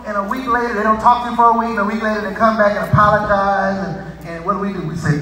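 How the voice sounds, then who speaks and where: A male preacher giving a sermon, with repetitive lines that build into shouted crescendos. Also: high voice, fairly even intonation, fast talker, few pauses, a little hiss or hum. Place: church sanctuary. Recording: echoey hall from far off.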